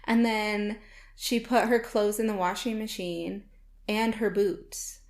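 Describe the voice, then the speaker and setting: A woman's voice: mid-range voice, slow pace. A woman in her thirties co-hosting a parenting podcast, telling a family story in casual chat and acting out the quotes. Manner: animated storytelling, acts out quotes. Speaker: podcast co-host.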